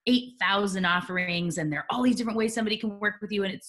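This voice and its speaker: A woman speaks as a guest in a conversational interview, her mid-range voice rapid-fire. She lays out her ideas in a lively way, acting out examples and laughing.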